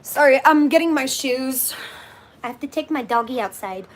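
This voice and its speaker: A woman's voice: high-pitched, normal speed. A young woman chatting casually on a livestream from a hotel room, thanking viewers and scolding her puppy.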